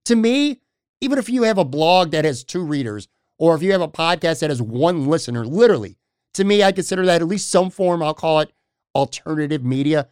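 A man hosting a sports podcast, speaking in casual chat with measured emphasis and addressing listeners. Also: a little high, expressive, a little mellow, clean tone, no room sound, clean studio sound. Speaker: podcast host.

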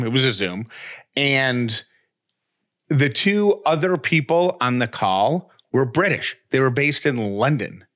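A man's voice: mid-range voice, fairly bright tone. A man co-hosting a podcast, telling a story in casual chat, rambling and poking fun at himself, with many restarts. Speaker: podcast co-host.

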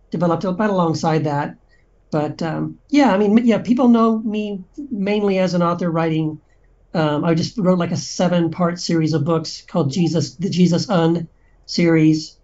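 Mellow-voiced man chatting as a guest. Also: a little high, moderate pace, dull audio. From Texas. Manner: friendly, rambling with many fillers. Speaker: podcast guest, author. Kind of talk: casual interview chat.

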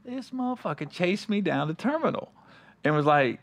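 A man's voice: sits high, normal speed. A young man hosting a casual chat, telling stories animatedly, swearing and acting out the people in them. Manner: animated storyteller, acts out voices, swears, laughs often. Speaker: podcast host.

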